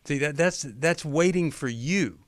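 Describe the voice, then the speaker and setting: A man's voice: a little high, measured pace, no room sound. Direct male radio advice host. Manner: direct, coaching, quotes others in acted lines. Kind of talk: call-in advice talk. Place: radio studio.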